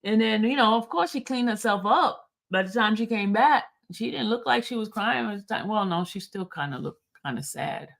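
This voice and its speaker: A woman's voice: mid-range voice, expressive, normal speed, vocal fry, few pauses. A woman hosting a livestream recap. She reads court filings aloud, stumbling over the legal wording, and talks casually straight to her viewers in chat. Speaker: livestream host.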